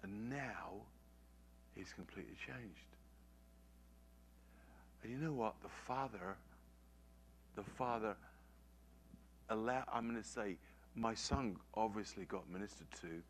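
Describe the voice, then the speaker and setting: Male preacher, low voice, very slow delivery, earnest sermon storytelling with emphatic repetition. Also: slight background noise.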